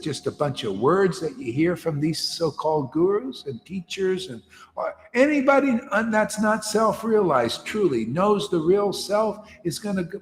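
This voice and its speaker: Guy preaching, blunt and slangy, highish voice, echoey hall with a little music. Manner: animated, blunt, street-slang storytelling with mocking put-on voices. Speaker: spiritual teacher. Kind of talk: informal sermon with storytelling.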